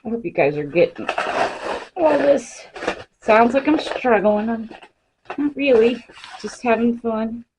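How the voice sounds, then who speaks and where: A woman's voice: fairly high pitch, animated, a little slow, pauses often, noisy background. A woman chatting casually through a crafting demonstration in her home craft room, now and then talking to her pets. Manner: chatty, talks to her pets mid-task. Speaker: crafting vlogger.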